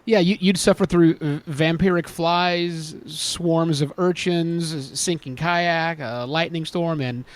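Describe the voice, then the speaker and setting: A man's voice: on the high side, fairly even intonation, slow, hardly any pauses. A man co-hosting a podcast, chatting casually with wry, joking remarks. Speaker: podcast co-host. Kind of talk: casual chat.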